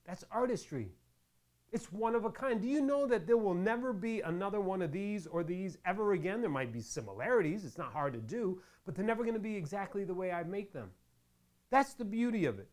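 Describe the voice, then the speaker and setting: A man's voice: high-pitched, big pitch swings, brisk, darkish tone. A middle-aged man hosting a crafting tutorial, chatting casually and rambling into jokes while he works with his hands. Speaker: crafting channel host.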